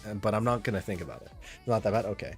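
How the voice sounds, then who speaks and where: A man's voice: fairly low pitch, expressive, quick pace, darkish tone, breathy edge, faint music behind. A man streaming a game live, chatting casually with viewers in a rambling, friendly way and reading chat aloud.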